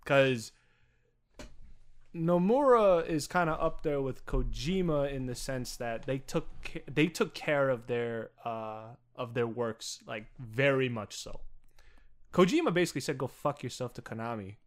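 A man's voice: medium pitch, expressive, a little slow. A young man co-hosting a podcast in casual chat, rambling with lots of fillers and frequent swearing. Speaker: podcast co-host.

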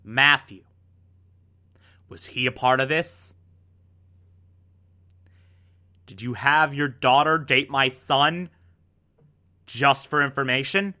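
A man's voice: mid-range voice, takes it slowly, long pauses, sharp tone. A man quoting a wounded, suspicious FBI agent. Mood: hurt.

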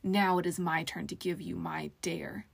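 A sly old magic mirror spirit, put on by a woman reading an audiobook, mocking and harsh, slipping into teasing sing-song and hushed whispers. The voice has a gravelly, fry-edged grain. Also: lowish voice, fairly even intonation, normal speed, full character voice. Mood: haughty.

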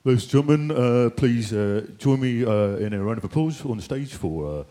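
A man's voice: medium pitch, lively intonation, moderate pace, warm tone. Hesitant man introducing guests on stage. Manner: hesitant, filler-heavy. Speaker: host. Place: stage before a live audience.

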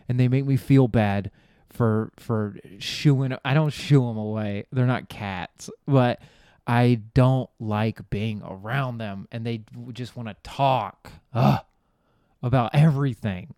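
Male podcast host, casual storyteller, swears freely, clear and resonant tone. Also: medium pitch, mellow, dry recording, clean studio sound. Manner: rambling, profane, trails off and restarts; laughs at his own jokes.

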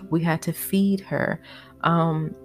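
A woman's voice: low-pitched, steady tone, takes it slowly. A woman hosting a podcast, sharing personal memories in a reflective, emotional way, with many "you know" and "uh" fillers. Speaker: podcast host.

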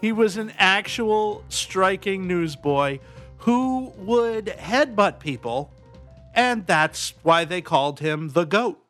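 Slow-talking bright-voiced podcast host. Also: male voice, high-pitched, lively intonation, faint music behind. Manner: rambling, chuckling, easygoing. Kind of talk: casual podcast chat.

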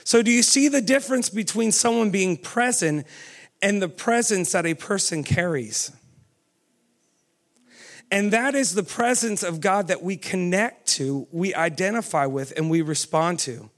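High-voiced preacher man. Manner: asks the audience many questions, urging with "come on"; pace swings from quick to slow and drawn out. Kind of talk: sermon.

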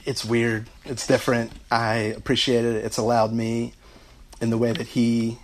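A man's voice: mid-range voice, level tone, moderate pace. A middle-aged man giving a heartfelt speech about his parents, telling family anecdotes and laughing through them. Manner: storytelling, warm asides, laughing through anecdotes.

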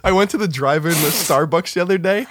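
A man's voice: high-pitched, quick pace, fairly bright tone, no room sound, studio quality. A young man in casual podcast chat, telling stories with frequent laughs and swearing. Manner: laughs often, profane storytelling.

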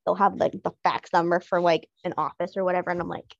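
A woman's voice: lowish voice, flat delivery, fast, vocal fry, no echo, lo-fi sound. A woman in her twenties chatting casually on a podcast, gushing and self-deprecating. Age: 20s. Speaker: podcast co-host. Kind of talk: casual chat.

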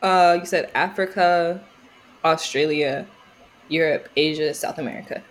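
A woman's voice: sits low, a little slow, a little hiss or hum. A woman co-hosting a podcast in casual chat, playful and teasing, jumping between topics. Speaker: podcast co-host.

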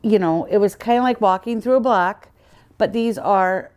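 A woman's voice: medium pitch, moderate pace, darkish tone. A woman guest on a podcast, earnestly telling her personal faith story in conversation and acting out the dialogue she quotes.

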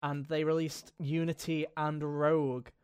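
Higher-pitched man in animated gaming chat. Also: a little slow, smooth. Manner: animated, jokey, mimics silly voices. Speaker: podcast host. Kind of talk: casual chat.

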